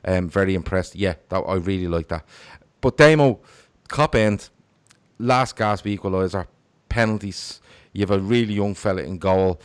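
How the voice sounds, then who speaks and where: A man's voice: sits low, normal speed, clear, resonant tone. A man hosting a casual football podcast, talking animatedly and reading out viewer comments. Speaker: podcast host.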